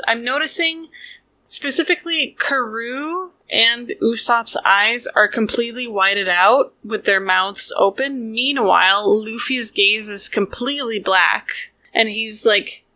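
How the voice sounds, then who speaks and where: A woman's voice: medium pitch, pushed and bright, dry recording. A young woman co-hosting a podcast, chatting playfully and gushing about a manga chapter. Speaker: podcast co-host. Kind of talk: casual chat about manga.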